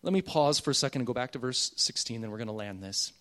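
A man's voice: mid-range voice, fast, a bit bright. A man preaching a sermon as pastor, earnest and emphatic, calling on the congregation to repeat after him.

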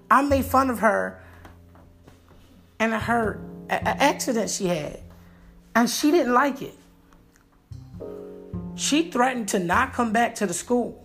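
A man telling a comic story from his own life in an animated, playful and jokey way. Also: high voice, unhurried, vocal fry, long pauses, soft background music.

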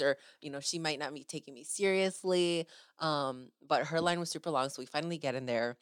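Young female podcast host, low-pitched, close and dry, chatty and effusive. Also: fairly quick, no echo. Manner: gushing, animated storytelling with acted-out quotes. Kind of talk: casual chat.

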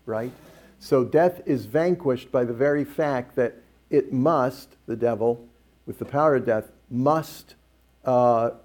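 Mellow-voiced priest telling a story. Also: male voice, medium pitch. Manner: animated storyteller who acts out quoted dialogue. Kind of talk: storytelling and teaching on a panel.

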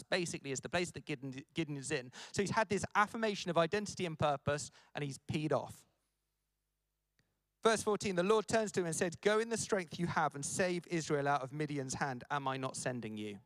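Male preacher, high-ish voice, dry close sound, playful delivery. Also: no room sound. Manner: animated, jokey, acts out quoted lines. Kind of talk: conference sermon.

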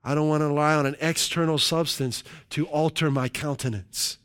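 A man preaching with a lively, somewhat high-pitched voice. He keeps up a sermon full of hallelujahs and quick jokes to the room, checking in with "right?" between points. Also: clear, resonant tone. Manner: jokey asides to the congregation. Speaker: pastor.

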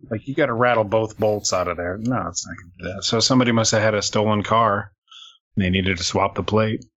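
A man with a low voice grumbles through his weekend story in a wry, casual way. His voice comes through a dull, lo-fi recording. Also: a little fast, a bit bright. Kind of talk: casual chat. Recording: dull, lo-fi sound.

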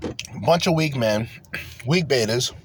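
A man's voice: medium pitch, expressive, a little slow, a little hiss or hum. A man hosting a podcast, ranting bluntly and profanely in slangy talk from his car. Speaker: podcast host.

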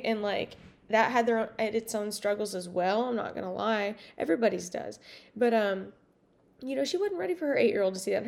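A woman's voice: medium pitch, vocal fry, darkish tone. A woman hosting her podcast in a casual monologue, rambling and outspoken, swearing freely. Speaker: podcast host.

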